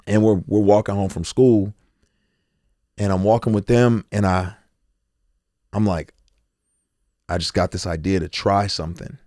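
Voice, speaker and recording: Brief: man in his forties, lowish voice, animated storyteller, dry close sound. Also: no echo. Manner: animated storyteller, acts out quotes. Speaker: guest. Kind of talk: candid storytelling.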